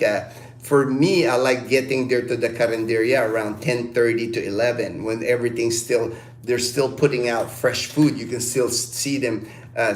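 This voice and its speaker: A man's voice: mid-range voice, echoey room, slight background noise. A middle-aged man hosting a casual livestream chat, telling stories animatedly, laughing often and greeting viewers from the chat. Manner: animated storytelling, laughs often, reads chat names aloud. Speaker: livestream host.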